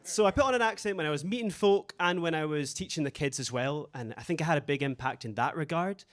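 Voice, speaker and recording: A man's voice: fairly high pitch, fast talker. A man from Dundee doing a stand-up set in a club basement, with a dry, self-mocking delivery full of tag questions. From Dundee, Scotland. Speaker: stand-up comedian. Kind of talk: stand-up routine.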